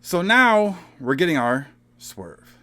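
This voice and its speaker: A man's voice: a little high, big pitch swings, takes it slowly, bright, forceful tone. A man co-hosting a casual horror movie podcast, talking loosely and profanely, full of "bro" and "all right?". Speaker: podcast co-host.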